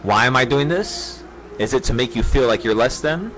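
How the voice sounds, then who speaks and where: A man's voice: mid-range voice, lively intonation, normal speed, fairly bright tone. A man leading a trading group, giving an intense, preachy livestream pep talk with profanity and a lot of repetition.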